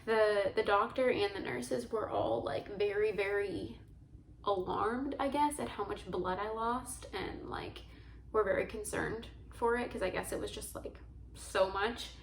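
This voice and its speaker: Speaking to camera, a young woman vlogger tells a personal story in a chatty, earnest and emotional way, saying "like" constantly. Her medium-pitched voice is a little slow, heard in an echoey room with noisy background.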